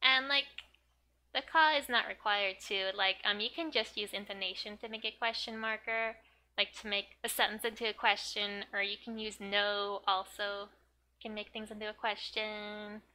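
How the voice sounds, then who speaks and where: A woman teaches Japanese from a manga in a casual, chatty lesson, speaking at normal speed over a little hiss or hum. She giggles often, fills her talk with "like" and "um," and reads the manga lines in high, excited character voices.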